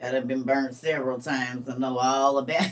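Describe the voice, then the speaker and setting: A woman's voice: very deep voice, fairly even intonation, normal speed, far from the mic. Laughing, teasing woman with a slangy drawl. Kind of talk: casual commentary on a reading.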